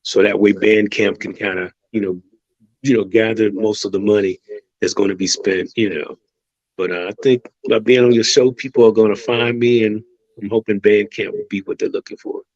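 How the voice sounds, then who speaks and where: A man's voice: fairly low pitch, fairly even intonation, moderate pace, a little mellow, no room sound, dull audio. An American man, a musician guest on a radio show, talking in an easygoing, chatty way with many fillers. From United States. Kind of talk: casual radio interview.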